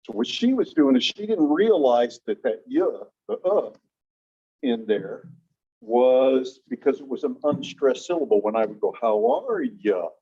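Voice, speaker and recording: Relaxed male teacher, mellow lo-fi voice. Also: mid-range voice, breathy edge. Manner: relaxed, explanatory, demonstrates sounds slowly. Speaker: English-teaching instructor. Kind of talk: classroom lecture. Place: classroom. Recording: dull lo-fi classroom recording.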